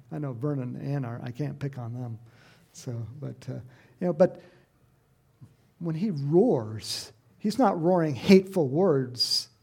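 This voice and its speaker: A man's voice: a little high, vocal fry, darkish tone, husky. A middle-aged man preaching a sermon in a conversational, rambling way, breaking into emphatic bursts. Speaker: pastor.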